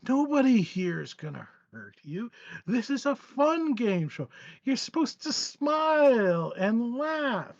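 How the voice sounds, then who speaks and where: A man's voice: very high voice, very animated, takes it slowly, no room sound, lo-fi sound, voice pushed up, heavily acted. A man voicing a grinning, menacing male clown villain hosting a game show, taunting in a mock-soothing way.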